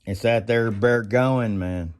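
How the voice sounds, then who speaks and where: A man hosting a casual workbench vlog, rambling and laughing, breaking into sudden high whoops. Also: slow pace, slight background noise. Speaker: channel host. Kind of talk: casual tool-bench vlog.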